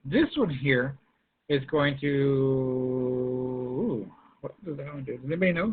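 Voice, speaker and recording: A man's voice: mid-range voice, takes it slowly, pauses often. A male math teacher giving an online class over a video call, coaxing students by name to answer in the chat. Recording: tinny phone-like line.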